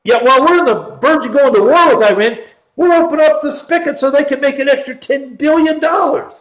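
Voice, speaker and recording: Middle-aged male host, emphatic and sarcastic, high voice, roomy echoey sound. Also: a little fast, fairly bright tone. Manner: emphatic, sarcastic, repeats for stress. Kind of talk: political commentary show.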